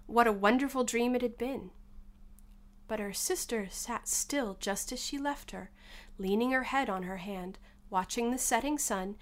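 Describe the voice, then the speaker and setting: Animated woman reading a storybook. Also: on the high side. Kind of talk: storybook narration reading aloud.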